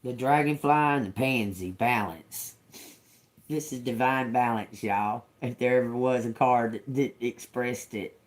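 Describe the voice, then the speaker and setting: A man's voice: medium pitch, unhurried, poor audio. A man giving a casual tarot reading to his viewers, musing aloud and repeating words as he reads each card, calling his listeners y'all. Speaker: tarot reader.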